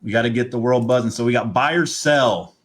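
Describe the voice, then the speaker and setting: A man's voice: mid-range voice, fairly quick. A man co-hosting a casual sports talk show, opinionated and rambling. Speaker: podcast co-host.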